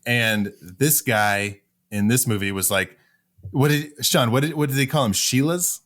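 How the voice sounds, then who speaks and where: A man's voice: medium pitch, measured pace, fairly bright tone. Male podcast co-host, blunt and profane, laughs mid-sentence. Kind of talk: casual chat.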